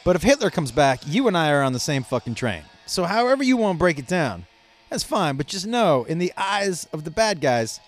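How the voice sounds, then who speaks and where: A man hosting a comedy podcast, telling stories in a profane, animated way and laughing at his own jokes. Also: on the high side, brisk. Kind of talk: casual comedic monologue. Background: faint rock music playing.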